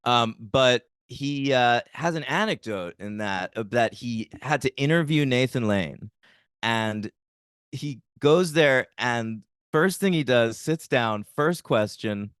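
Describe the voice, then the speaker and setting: A man co-hosting a podcast in casual chat, relaxed and fond of telling anecdotes. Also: medium pitch, takes it slowly, clear, resonant tone, dry recording, studio quality. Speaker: podcast co-host.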